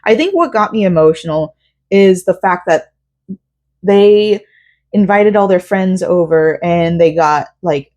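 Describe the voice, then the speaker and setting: A woman's voice: fairly low pitch, animated, unhurried, a little mellow. A young woman from Central Florida, talking emotionally and rambling with many fillers in a personal vlog. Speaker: vlogger.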